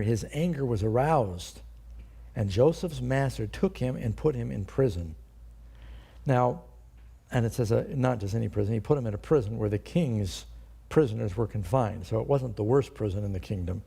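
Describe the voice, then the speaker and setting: A man's voice: medium pitch, animated, normal speed, creaky, dark tone, slightly rough. An older man, a pastor, teaching a sermon in a conversational way and asking his listeners questions.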